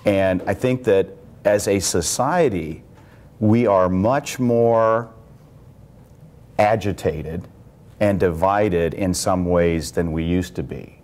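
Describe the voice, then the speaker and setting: Deep-voiced middle-aged congressman from Iowa. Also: a little mellow. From small-town Iowa. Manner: measured, explanatory. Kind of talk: public speaking at a campus event.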